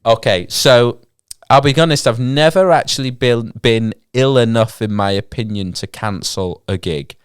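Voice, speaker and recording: A man's voice: mid-range voice, moderate pace, smooth, dry recording, clean studio sound. A young man with a cold and a stuffy nose, chatting casually as a podcast co-host, rambling with many ums and frequent laughs. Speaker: podcast co-host and gigging musician. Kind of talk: casual chat.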